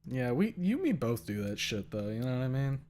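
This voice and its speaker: A man's voice: medium pitch, sing-song, brisk, darkish tone. Profane, rambling male streamer. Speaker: streamer and host. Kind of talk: casual chat.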